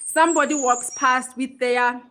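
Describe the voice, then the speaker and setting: A woman's voice: sits high, fairly even intonation, moderate pace, pushed and bright, slight background noise. A woman in her forties, a bit out of breath, hosting a casual livestream chat into her phone and greeting viewers by name. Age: 40s. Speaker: livestream host. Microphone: phone held close.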